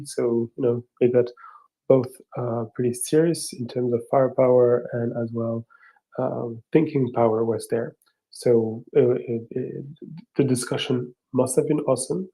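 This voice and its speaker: A man hosting a casual live audio chat, speaking English as a second language in a rambling, halting, self-deprecating way. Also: medium pitch, warm tone, rough recording. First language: not English. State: tired, up at four in the morning. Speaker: host.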